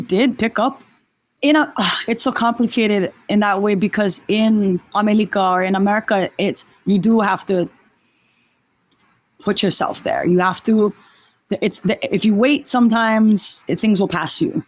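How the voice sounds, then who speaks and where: A woman's voice: mid-range voice, measured pace. A woman from Oahu, a podcast guest talking in an earnest, reflective way and often restarting her sentences. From Oahu, Hawaii. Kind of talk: reflective casual conversation.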